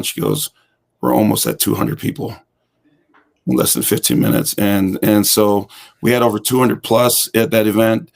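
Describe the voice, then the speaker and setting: A lowish male voice with vocal fry, at normal speed, belongs to a guest on an interview show who works as a hip hop fitness instructor. He tells his story in a casual, animated way and acts out the words he quotes.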